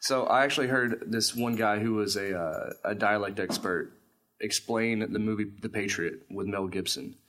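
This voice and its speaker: A man's voice: on the low side, moderate pace, a bit bright. A man hosting a casual podcast chat, talking emphatically and swearing freely.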